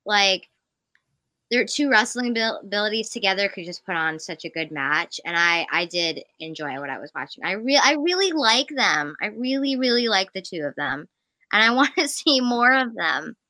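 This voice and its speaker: A woman co-hosting a casual fan chat show from home, excitable and rambling as she jumps between thoughts. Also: mid-range voice, moderate pace, no echo. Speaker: podcast co-host.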